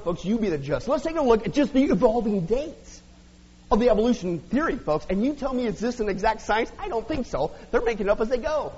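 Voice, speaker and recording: High-voiced, fast-talking preaching man. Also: sing-song, darkish tone, husky. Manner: jokey, sarcastic preaching to the congregation. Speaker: pastor. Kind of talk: sermon. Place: church hall. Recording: dull lo-fi audio with long hall reverb.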